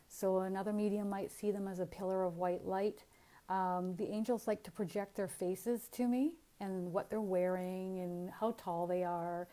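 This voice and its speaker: A middle-aged woman speaking as a spiritual medium talks in a medium-pitched voice over a rough recording. She's casual and animated, laughing often while telling stories.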